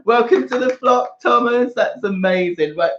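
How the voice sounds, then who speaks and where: A man hosting a casual livestream chat from the sofa of his flat, excitable and quick to laugh. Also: extremely high pitch. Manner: excitable, squealing and laughing often. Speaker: channel host. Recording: roomy, dull livestream audio.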